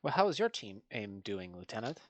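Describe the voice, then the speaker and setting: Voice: mid-range voice, sing-song, fairly quick, dry recording, natural voice. A game master playing a stern female colonel in a tabletop role-play, asking dry, probing questions.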